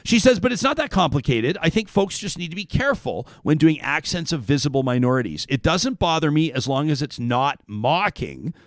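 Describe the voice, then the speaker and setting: A man hosting a talk radio show, reading listener emails aloud and then thinking aloud with halting restarts. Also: on the high side, big pitch swings, dry recording. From Canada.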